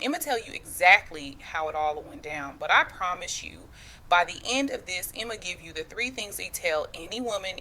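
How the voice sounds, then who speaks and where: A woman in her thirties tells her own family drama in the first person, leaning in close to the listener with slangy, confiding asides. Her voice sits on the low side but comes across bright and forceful. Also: slight background noise. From United States. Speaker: storyteller.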